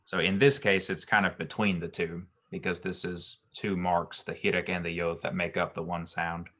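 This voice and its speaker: A man tutoring Hebrew grammar, explaining slowly with many ums and restarts. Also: deep voice, flat delivery, a bit bright.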